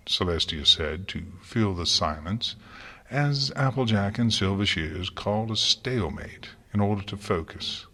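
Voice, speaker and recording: Husky-voiced male audiobook narrator. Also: fairly low pitch, a bit bright.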